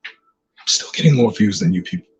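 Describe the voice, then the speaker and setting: A man's voice: lowish voice, expressive, normal speed, a little mellow. A man hosting his own channel, delivering an aggressive, profane rant full of taunting insults. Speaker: channel host. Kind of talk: ranting vlog monologue.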